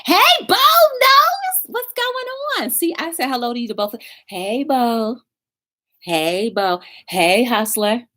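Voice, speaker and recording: A woman's voice: mid-range voice, a bit bright. A woman hosting a live-stream talk show, telling stories with energy and greeting viewers in the chat by name. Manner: upbeat, encouraging.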